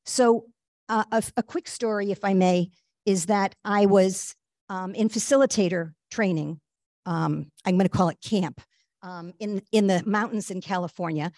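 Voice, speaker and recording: A woman guest telling a personal story in an earnest, halting way, with frequent fillers and restarts. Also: medium pitch, dark tone, no room sound, clean studio sound. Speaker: guest speaker.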